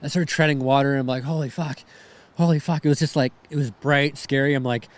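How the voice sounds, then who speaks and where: A man's voice: mid-range voice, level tone, fast talker, smooth. A young man, a podcast guest, telling a personal story in a rambling way, shaken and close to tears, often adding "right?" and "man".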